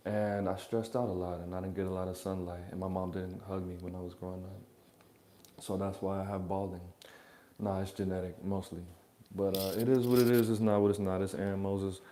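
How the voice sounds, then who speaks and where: A man's voice: low voice, flat delivery, fairly quick, warm tone, a little hiss or hum. A man hosting a reaction channel, rambling through blunt, profane, joking advice in a casual monologue from his apartment.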